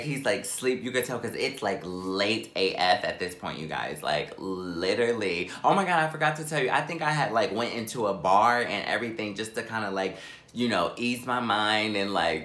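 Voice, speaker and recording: A young man telling a personal story for his vlog, animated and dramatic, with lots of "like". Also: lowish voice, reverberant. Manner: animated, dramatic, heavy use of "like".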